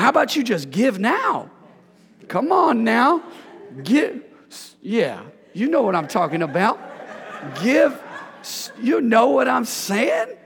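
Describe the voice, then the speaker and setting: A high, gravelly man's voice preaches to his congregation, drawing them into call-and-response with a playful touch. The sound rings with the long reverb of a church hall. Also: fairly bright tone. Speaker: pastor. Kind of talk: sermon. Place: church sanctuary.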